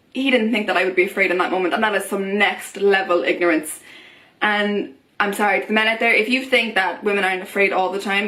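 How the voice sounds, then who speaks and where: A woman's voice: mid-range voice, a bit bright. A young woman vlogger venting to camera in a heated, impassioned way, often restarting her sentences. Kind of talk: personal vent to camera.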